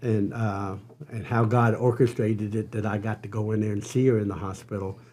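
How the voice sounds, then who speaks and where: A man's voice: lowish voice, level tone, warm tone, slight background noise. Older man telling an earnest personal story. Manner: earnest, halting, full of restarts. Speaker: podcast guest. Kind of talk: storytelling interview.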